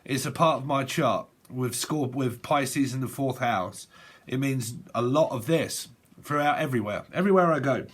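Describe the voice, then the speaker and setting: A man's voice: medium pitch, normal speed, husky. A man giving a casual tarot reading, rambling and swearing, often breaking into laughter. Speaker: tarot reader.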